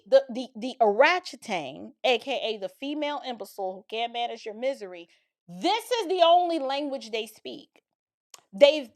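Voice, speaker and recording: A middle-aged woman reacting to a clip with blunt, emphatic commentary. Her voice sits high, and her speech is loose and colloquial. She talks straight to her viewers. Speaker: political and cultural commentator.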